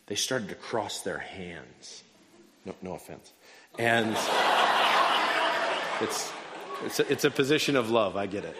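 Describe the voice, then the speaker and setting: Man, preacher, lowish voice, sermon with wry jokes, long hall echo. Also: expressive, a little slow, long pauses, crowd noise. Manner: humorous storytelling with wry asides. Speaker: pastor.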